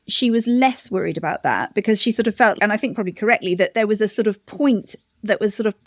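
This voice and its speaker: A middle-aged woman giving a thoughtful interview answer, often restarting and laughing softly. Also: mid-range voice, no echo, studio quality. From United Kingdom. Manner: reflective, many restarts and soft laughs. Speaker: interview guest, campaign director. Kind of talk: conversational interview.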